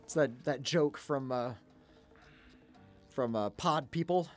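Chatty, laughing podcast film critic. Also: male voice, mid-range voice, takes it slowly, soft background music. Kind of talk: casual film discussion.

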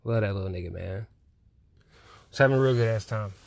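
A young man hosting a solo chat podcast while high, talking in a loose, rambling way with lots of slang and swearing. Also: brisk, vocal fry, a little hiss or hum. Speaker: podcast host.

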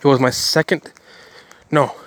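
A man's voice: mid-range voice, fairly even intonation, unhurried, a bit bright, no room sound. A man talking through his day in a casual vlog, rambling and correcting himself, earnest about his faith. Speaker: Christian vlogger.

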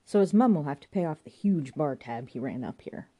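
A woman's voice: sits low, animated, brisk, dark tone. A woman voicing a rambling, self-important male pub landlord with a banged head. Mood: chatty.

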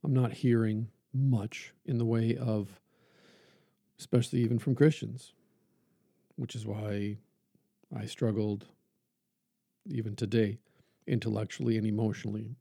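Male preacher, gravelly and dark-toned, measured sermon reading with building emphasis. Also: lowish voice, no echo, clean studio sound. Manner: measured and earnest, halting pauses, rising emphasis when reading. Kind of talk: podcast reflection and sermon reading.

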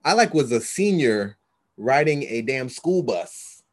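A man's voice: mid-range voice, big pitch swings, a little slow. A man co-hosting a podcast in casual chat, laid-back and loose. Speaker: podcast co-host.

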